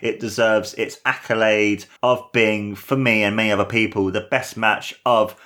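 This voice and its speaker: A young man giving an excited watch-along commentary and review of a wrestling match, gushing and enthusiastic, with lots of fillers. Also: lowish voice, normal speed.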